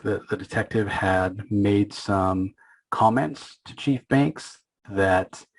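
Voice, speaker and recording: Husky-voiced man recapping comics. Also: on the low side, poor audio. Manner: retells scenes with quick acted quotes, many fillers and restarts. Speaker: comic book podcast host. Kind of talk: casual recap and commentary.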